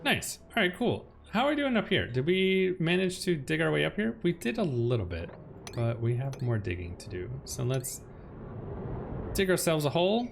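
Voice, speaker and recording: A man hosting a game let's play, chatting casually as he plans his base and reacts with loud alarm when things go wrong. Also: a little high, normal speed, vocal fry, noisy background. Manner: chatty, swings between calm planning and loud alarm. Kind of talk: casual gameplay commentary. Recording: music playing behind the voice.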